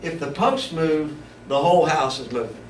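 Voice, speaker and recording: Bible teacher talking in an echoey room. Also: male voice, a little high, normal speed, distant mic. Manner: conversational, stops and restarts often. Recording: echoey room, mic from afar, background noise.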